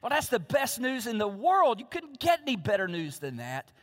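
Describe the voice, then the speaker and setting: A man's voice: extremely high pitch, wildly swooping pitch, normal speed, a bit bright. A man preaching a sermon from the pulpit, emphatic and repeating his key phrases. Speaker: pastor. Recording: long reverb of a large hall.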